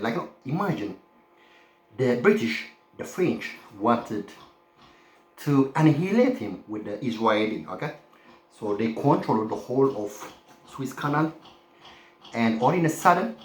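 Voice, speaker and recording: Rambling man from the Horn of Africa. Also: medium pitch. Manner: rambling, keeps saying "my friend" and "okay?". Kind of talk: casual rambling monologue. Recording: roomy echo.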